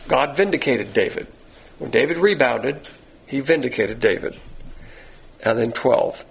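A man preaching a sermon in a gravelly, husky voice, pitched a little above the usual for a man. He teaches verse by verse and acts out the lines he quotes. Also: lively intonation, normal speed. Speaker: pastor.

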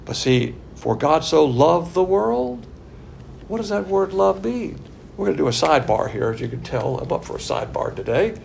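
A man's voice: fairly high pitch, expressive, a little fast, vocal fry, a little mellow, slight background noise. A man preaching a sermon in a church room, stretching out key words for emphasis and putting questions to his listeners.

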